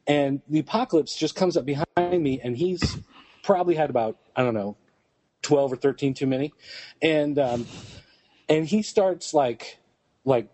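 A man's voice: mid-range voice, darkish tone, dry recording. A man on a casual podcast, telling a long rambling anecdote full of fillers. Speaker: podcast co-host. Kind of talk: casual storytelling chat.

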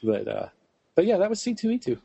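A man's voice: sits high, sing-song, fast talker, gravelly, warm tone, a little hiss or hum. A man on a casual podcast, telling a long rambling anecdote full of fillers. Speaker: podcast co-host. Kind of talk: casual storytelling chat.

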